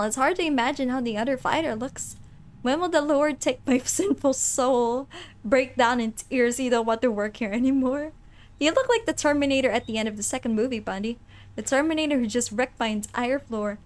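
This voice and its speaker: A woman streaming a game, reading its text aloud in a playful, animated way and chatting with her viewers between the lines. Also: high-pitched, moderate pace. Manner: animated, playful, reads narration with asides to chat.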